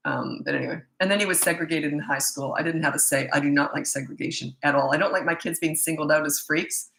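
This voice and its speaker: A woman's voice: low voice, steady tone, fast talker, a bit bright. A middle-aged woman, a parenting coach, bluntly and emphatically answering viewer questions in a live Q&A session. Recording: echoey room.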